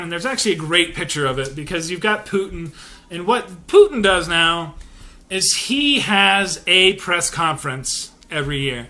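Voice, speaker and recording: A man's voice: high-pitched, sharp tone. A young man hosting a podcast, giving casual political commentary in a rambling way with many fillers and restarts. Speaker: podcast host.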